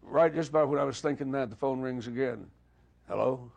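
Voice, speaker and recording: An older man telling stories in a relaxed, anecdotal way during an interview, acting out the dialogue he quotes. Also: mid-range voice, fairly quick, gravelly. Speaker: guest musician. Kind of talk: storytelling interview.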